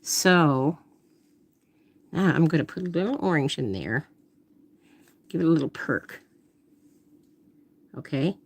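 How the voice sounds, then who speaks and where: Lively, low-voiced woman painting on stream. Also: takes it slowly, long pauses. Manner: thinks aloud while painting, trailing off into murmurs. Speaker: artist painting live. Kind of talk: casual live-stream painting chat.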